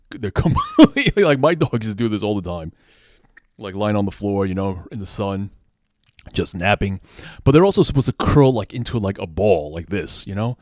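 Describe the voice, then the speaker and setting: Casual male toy reviewer, low voice, rambling and self-correcting, dry recording. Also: a little mellow, no room sound. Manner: rambling, restarts sentences, conversational asides.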